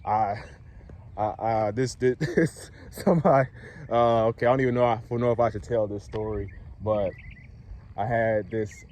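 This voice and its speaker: A man, a dating coach, talking casually to camera in a relaxed way, chuckling often and checking in with the listener. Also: on the low side, normal speed.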